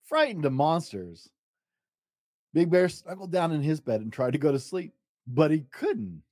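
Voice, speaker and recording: Dad reading a bedtime story out loud, very expressive, ups and downs, dry close mic. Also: male voice, no room sound. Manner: expressive, dramatic pauses, lively pitch. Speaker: storytime podcast host and reader. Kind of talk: bedtime story read-aloud.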